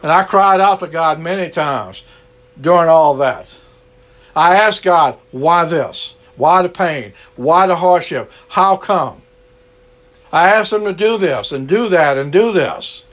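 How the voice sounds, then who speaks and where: A man's voice: on the high side, animated, slow, fairly bright tone. A man preaching an earnest sermon to an online gathering, repeating his key lines and closing in prayer.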